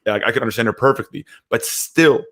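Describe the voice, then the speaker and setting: A man's voice: medium pitch, fast talker, a bit bright. A young man co-hosting a podcast, telling personal stories in a candid, rambling way. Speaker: podcast co-host. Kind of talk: casual podcast chat.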